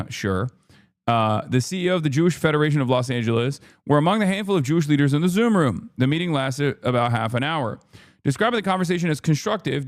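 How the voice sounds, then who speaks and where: A man streaming live, giving heated political commentary in a profane, exasperated rant, sometimes reading news aloud quickly. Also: mid-range voice, no echo, studio quality.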